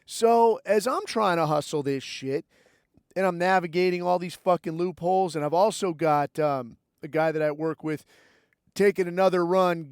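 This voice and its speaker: A podcast host rants at length in a blunt, combative way, swearing nearly every line. His voice sits high for a man, and the sound is dry and close with no room echo. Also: clean tone. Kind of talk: profane ranting monologue.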